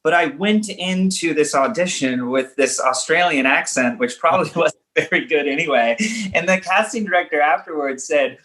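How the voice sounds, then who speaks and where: A man from Los Angeles, a writer-director answering interview questions, thinking aloud and telling self-deprecating stories in halting restarts. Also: fairly high pitch, sharp tone. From Los Angeles, United States.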